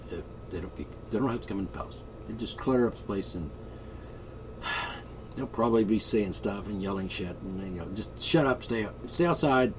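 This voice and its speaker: A man's voice: fairly low pitch, a little mellow, distant mic, slight background noise. A man vlogging a rambling comic monologue, joking in a mock-royal tone.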